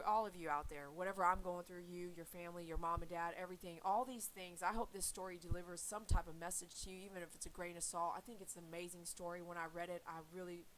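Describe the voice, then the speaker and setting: A woman's voice: on the low side, a little mellow, rough recording. A woman who grooms dogs, talking casually and earnestly to her viewers about faith, rambling and repeating herself. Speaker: dog groomer and channel host.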